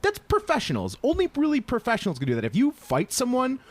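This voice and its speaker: A man's voice: very high-pitched, huge pitch swings, fast talker, dry recording. Laughing, swearing male podcast co-host. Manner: laughs often, swears casually. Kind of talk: casual chat.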